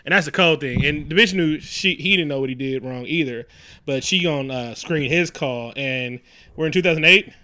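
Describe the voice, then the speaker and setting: Bright-voiced man riffing crudely. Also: a little high, moderate pace. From New York. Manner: profane, animated riffing with mocking quoted voices. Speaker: podcast co-host. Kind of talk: casual movie recap chat.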